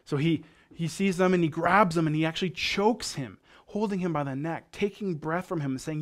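A man's voice: on the high side, brisk, hardly any pauses. A male pastor from Canada giving a sermon, telling a parable in a casual, conversational way.

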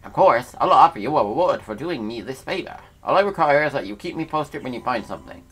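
A man's voice: medium pitch, expressive, fast, fairly bright tone, breathy edge, soft background music, voice pushed up. A man voicing a polite, flustered male treasure appraiser in a formal, put-on accent, reading game dialogue aloud. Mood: courteous.

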